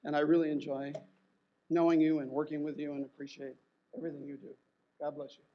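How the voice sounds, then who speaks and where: A man's voice: fairly high pitch, level tone, quick pace, dull audio. A man presenting an honoree in a live tribute speech, joking and hesitant, with fillers between his words.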